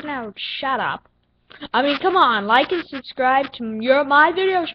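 A young female gaming channel host giving excitable, playful commentary while playing, with silly sound effects. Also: high-pitched, measured pace. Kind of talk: casual gameplay commentary. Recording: dull lo-fi recording with faint noise.

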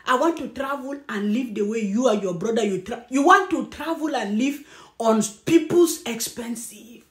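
A channel host with a Nigerian Pidgin-influenced English accent delivers a taunting, laughing commentary rant, loud and animated. Her voice is fairly high at a moderate pace, and the room sounds echoey.

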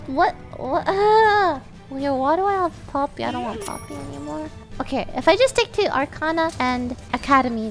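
A woman streamer talks through her game in a casual, chatty way, excitable and full of small outbursts. Her voice sits high. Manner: excitable, chatty, thinking aloud. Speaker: streamer playing an online strategy game with friends. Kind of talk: casual gaming chat.

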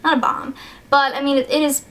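A woman's voice: high-pitched, flat delivery, fairly quick, fairly bright tone. A teenage girl chatting in a casual vlog, rambling and hesitant with many fillers, choked up and sniffly. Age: teens. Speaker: YouTuber.

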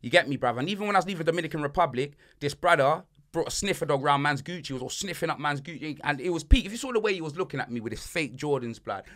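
A man hosting a casual banter podcast, slangy and animated, swinging between loud and soft. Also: a little high, racing, hardly any pauses. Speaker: podcast host.

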